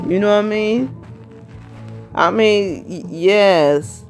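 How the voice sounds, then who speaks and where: A woman's voice: mid-range voice, slow pace, long pauses, a little mellow, soft background music. A woman of about fifty talking casually in a vlog, rambling and chatty, often asking "you know what I mean.". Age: 50s. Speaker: vlogger.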